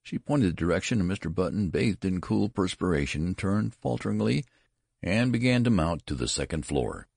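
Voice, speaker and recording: A man narrating a classic story as an audiobook, with measured, expressive storytelling. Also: low voice, vocal fry, husky, no echo, clean studio sound.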